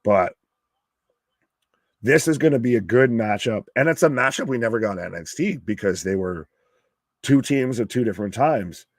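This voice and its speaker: A man hosting a live watch-along, giving casual wrestling commentary and getting loud and excited at surprises. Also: mid-range voice, normal speed, long pauses, dry recording. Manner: excitable, swears, pops loudly at surprises. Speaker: alternative commentary host.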